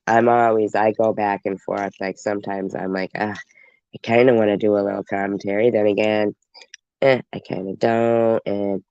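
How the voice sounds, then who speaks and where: A congested man rambles casually on his livestream, addressing viewers directly in a smooth, lowish voice. No room sound comes through, but the audio is dull and lo-fi.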